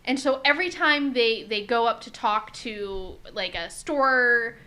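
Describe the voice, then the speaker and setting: Bright-voiced woman recapping an episode. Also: on the high side, a little slow. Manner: animated storyteller, swears freely, acts out quotes. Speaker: podcast co-host. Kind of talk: casual chat, recapping an episode.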